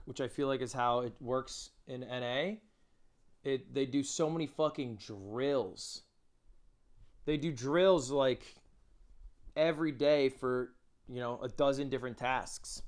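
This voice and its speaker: A young adult man streamer giving casual, joking reaction commentary, blunt and full of swearing. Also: mid-range voice.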